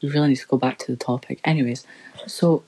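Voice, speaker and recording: A woman's voice: very deep voice, level tone, racing, darkish tone, husky, poor audio. A young woman rambling through a story in casual chat, swearing constantly as a podcast co-host.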